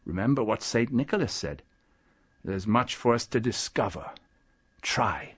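A man voicing a male talking reindeer in an audiobook, steady and encouraging, who speaks firmly and urges. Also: lowish voice, measured pace, slightly rough, exaggerated voice. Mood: urging. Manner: firm, urging.

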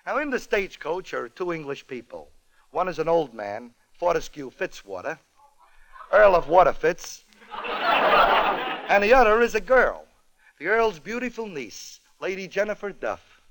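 High-voiced man telling a comic tale. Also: very animated, a little slow, pauses often, fairly bright tone, low-quality recording. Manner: wry, joke-timed delivery. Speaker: comedy radio host. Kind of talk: comic storytelling monologue.

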